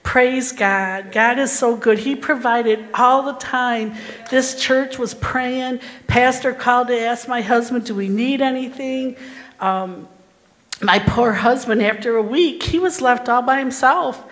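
A woman's voice: on the high side, unhurried, fairly bright tone, long reverb tail. A woman in her sixties giving a fervent, emotional personal testimony in church. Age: 60s.

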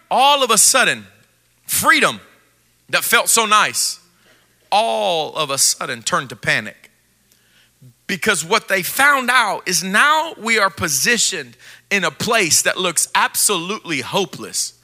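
A male pastor delivers a sermon in a high, strikingly bright voice. He is playful, acting out the scene in put-on voices before turning quietly intense. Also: very animated, measured pace.

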